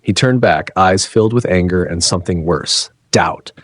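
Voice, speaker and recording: A man narrating a dramatic story in a slow, suspenseful delivery. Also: sits low.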